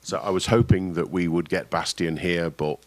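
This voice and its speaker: A man's voice: low voice, steady tone, moderate pace, no echo. A man, a cloud team delegate, talking casually and apologetically at a conference discussion, with restarts. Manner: self-deprecating, apologetic, rambling with restarts. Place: conference room session.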